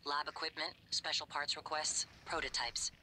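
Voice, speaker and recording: An actor playing a quiet male guide in a video game, speaking in a soft, informative way. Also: a little high, fairly even intonation, moderate pace, a little hiss or hum, low-quality recording.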